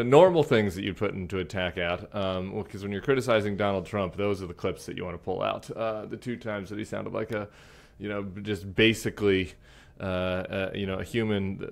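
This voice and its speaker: A middle-aged man in casual, jokey political chat, talking in halting, rambling stretches and a bit mumbly from a sore lip. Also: lowish voice, gravelly. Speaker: podcast co-host.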